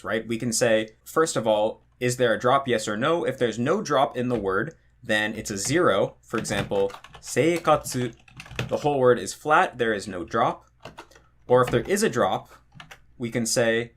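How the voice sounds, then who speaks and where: A man teaching in a relaxed explanatory tutorial, thinking aloud with frequent fillers. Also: mid-range voice. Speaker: language teacher.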